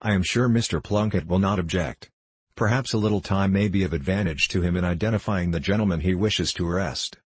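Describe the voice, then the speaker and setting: Man voicing a genial host, pleasant, smiling tone, deep, dry. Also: a little fast, husky, no echo.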